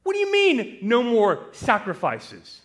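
A man's voice: medium pitch, very animated, a little slow. A man voicing a pagan Roman mother and father who scold their son for turning Christian. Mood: alarmed. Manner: scolding, urgent. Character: alarmed pagan Roman parents, stern and fearful.

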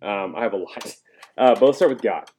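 A man preaching a sermon as pastor, emphatic, tossing questions to the congregation and climbing in pitch and volume on key points. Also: animated, brisk, darkish tone.

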